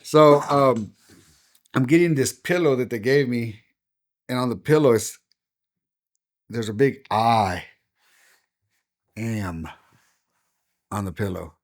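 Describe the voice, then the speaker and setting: A man's voice: mid-range voice, takes it slowly, pauses often. A middle-aged man, a pastor, recounts a personal story in a podcast interview, with a mid-range voice. He slips into the voices of the people he quotes and keeps the story moving. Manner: animated storyteller acting out quoted dialogue. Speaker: pastor and guest.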